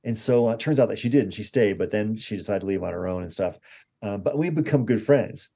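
A man in his sixties, a guest expert telling animated anecdotes in a conversational interview. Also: fairly low pitch, a little fast, vocal fry, slightly rough. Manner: animated anecdotes with acted-out quotes.

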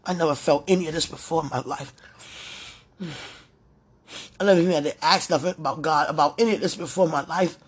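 A woman speaking an emotional prayer out loud, pleading and tender, repeating her phrases. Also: deep voice, fast, pauses often, breathy edge.

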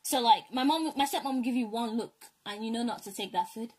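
A young woman raised in an African family, co-hosting a casual chat and telling animated stories, mimicking her parents' voices. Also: on the high side, fast talker, slight background noise. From African family, raised in Britain. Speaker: co-host.

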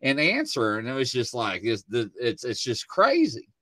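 A man hosting a casual chat show from his studio, telling stories with lively acted-out quotes. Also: medium pitch, moderate pace, no echo. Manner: animated storyteller, acts out quotes. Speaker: host. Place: home studio.

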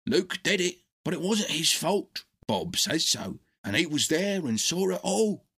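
A man's voice: on the high side, big pitch swings, measured pace, a bit bright, slightly rough, voice pushed up, full character voice. A man doing an urgent, pleading dog. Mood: earnest. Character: loyal, urgent male dog. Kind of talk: storybook reading.

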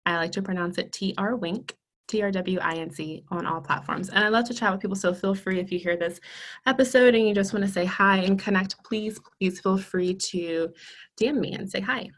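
A woman's voice: medium pitch, brisk. A woman guest in a casual podcast interview, talking earnestly and enthusiastically with frequent ums.

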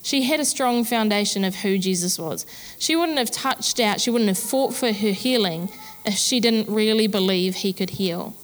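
A woman's voice: mid-range voice, normal speed, in a large hall. Candid woman pastor preaching. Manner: candid, chatty, self-deprecating humor. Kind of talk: sermon.

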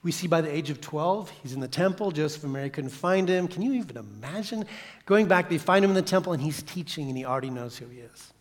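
Preaching man, loud to whispered, in a reverberant hall. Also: fairly high pitch, expressive, fast. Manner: dramatic, swings from loud to hushed whisper. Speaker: guest pastor. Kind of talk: sermon. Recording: long reverb of a church hall.

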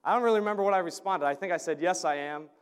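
A man's voice: high-pitched, clean tone. Earnest man telling stories in a reverberant hall. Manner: earnest, halting, repeats words, chuckles often. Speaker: churchgoer giving a mission trip update. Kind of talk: storytelling sermon testimony. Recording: long reverb of a large hall.

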